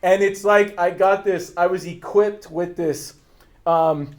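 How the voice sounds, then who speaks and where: A man's voice: high voice, steady tone, slow pace. A man leading his agency team with a fervent, preacher-like message. He is blunt and confrontational, repeats his points for emphasis, asks rhetorical questions, and breaks into laughter.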